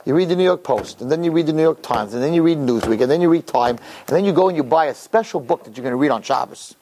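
A man, a rabbi, giving a sermon to young men through an animated, joking story. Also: on the high side, fast, slight background noise.

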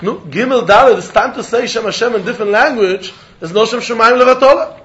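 A man's voice: very high voice, fast, fairly bright tone, muffled recording. A man teaching a Talmud class, in a singsong study chant. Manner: singsong study chant, mixing English with Hebrew, Aramaic and Yiddish terms. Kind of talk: yeshiva-style Talmud lecture.

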